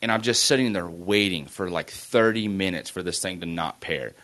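Brief: young male podcast co-host, low voice, animated storyteller who swears freely. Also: normal speed. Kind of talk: casual chat.

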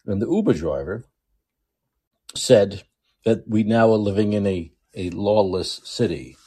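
A man's voice: on the low side, a little slow, dark tone, husky. A man with a New York accent hosting a political commentary monologue, emphatic and repetitive as he restates his points. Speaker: show host.

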